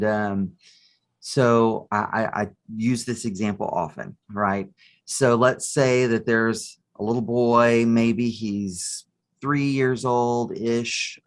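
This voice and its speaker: A man's voice: on the low side, a bit bright. Man, therapist, podcast guest, explanatory, storytelling, clinical vocabulary. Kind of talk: podcast interview.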